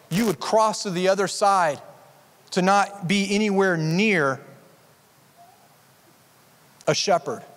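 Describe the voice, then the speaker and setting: A man's voice: sits high, in a large hall. A pastor preaching a sermon in an earnest, conversational way, often restarting his sentences. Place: church sanctuary.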